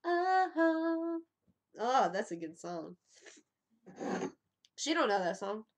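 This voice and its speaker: Speaking slowly with lively intonation and a medium pitch, a livestream host in her thirties rambles through a casual stream. She swears freely and giggles as she talks into her webcam mic.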